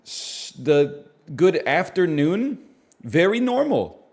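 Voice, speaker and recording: A man's voice: on the high side, big pitch swings, slow pace, darkish tone. A man streaming, chatting casually and riffing wryly on his own jokes with mock-serious asides. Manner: rambling, wry, mock-serious bits.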